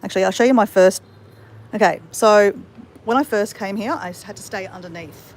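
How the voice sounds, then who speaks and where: A travel vlogger from Australia talks to camera in a relaxed, rambling way from her hotel room, calling everyone "guys." Her voice sits at medium pitch and moves at a normal speed.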